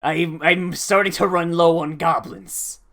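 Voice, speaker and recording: An anime reactor voicing a blunt, deadpan male goblin hunter in a flat, matter-of-fact way. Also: medium pitch, a little slow.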